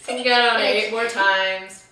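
Young girl, giggly animated storyteller, bright voice, echoey distant recording. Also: mid-range voice, moderate pace. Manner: giggly, animated, mimics screams. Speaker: vlog participant. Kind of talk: casual storytelling among friends. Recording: echoey room, mic at a distance.

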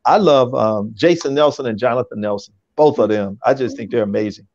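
A man's voice: medium pitch, brisk, dry recording, highs cut off. Easygoing man in natural radio voice. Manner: relaxed, natural speaking voice, laughs easily. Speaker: radio program director, guest. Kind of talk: casual talk show conversation.

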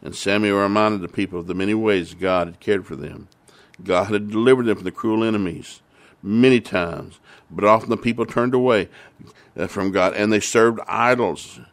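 A man's voice: lowish voice, moderate pace. Emphatic male preacher retelling Bible stories. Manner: emphatic, repeats phrases for stress. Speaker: family ministry preacher.

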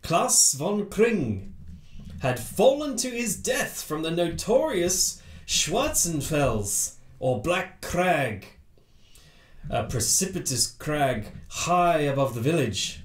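A man's voice: a little high, very animated, slow. Man reading aloud in an echoey room. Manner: playful, joking asides between read passages. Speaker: game host reading a case aloud. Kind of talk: casual chat and read-aloud narration.

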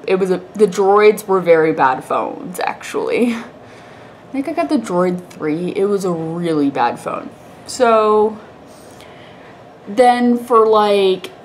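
A woman's voice: lowish voice, darkish tone, a little hiss or hum. A young woman vlogger with a congested, stuffy voice, telling a rambling story to the camera in a chatty way, laughing often.

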